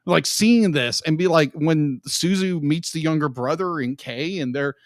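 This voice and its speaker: A man's voice: fairly high pitch, a little slow, no room sound. A young man co-hosting a podcast, gushing emotionally about a film in casual chat and repeating himself often. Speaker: podcast co-host.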